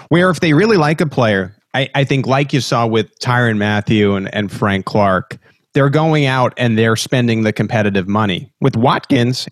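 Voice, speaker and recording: Male podcast host, mid-pitched, conversational and relaxed, dry close mic. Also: no echo. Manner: conversational, laughs easily. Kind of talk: casual sports podcast chat.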